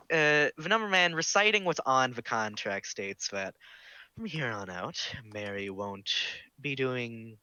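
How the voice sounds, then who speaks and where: A man's voice: medium pitch, bright, forceful tone, dry recording. A man narrating as game master of a tabletop game in online voice chat, casual and full of fillers.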